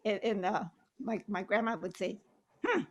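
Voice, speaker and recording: Speaking in a mid-range voice, an older actress and playwright from Southern Arizona casually looks back on old times during a video call. She's talkative, laughs readily, and slips Spanish phrases into her English.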